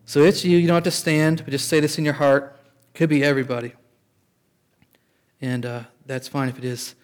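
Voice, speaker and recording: A man's voice: a little high, little pitch movement, normal speed. Conversational preaching man. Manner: conversational preaching with frequent restarts and call-outs of "amen". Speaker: pastor. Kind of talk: sermon.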